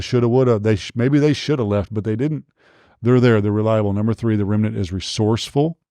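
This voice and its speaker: Man, podcast host, low voice, mellow tone, dry sound, earnest, urging. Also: no echo. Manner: earnest and urging, repeats points, frequent "okay?". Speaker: podcast host and leadership speaker. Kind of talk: motivational podcast monologue.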